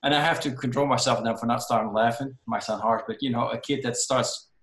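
A man's voice: medium pitch, steady tone, fairly quick, a bit bright. Guy hosting a podcast, easy conversational talk, lots of echo in the room. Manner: conversational, frequent brief backchannels. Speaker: podcast host. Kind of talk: interview conversation. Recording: echoey room.

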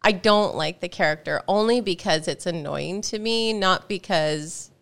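Female podcast co-host, lowish voice, playful teasing. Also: gravelly, a bit bright. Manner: teasing, quick to laugh. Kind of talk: casual chat.

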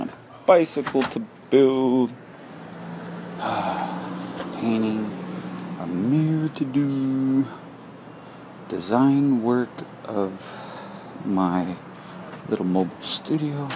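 A man's voice: fairly low pitch, warm tone, a little hiss or hum. A man hosting a casual solo podcast, talking outdoors into a phone app as he walks, rambling and goofy as he muses aloud. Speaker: podcast host. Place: outdoors, walking around.

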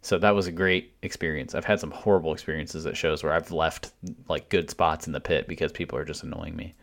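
A man's voice: a bass voice, steady tone, fairly quick, creaky. A man co-hosting a podcast, telling a concert story in a blunt, casual way and swearing freely. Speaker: podcast co-host.

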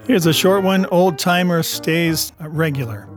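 Slow, deliberate man reading poems. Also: fairly high pitch, faint music behind. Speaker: host.

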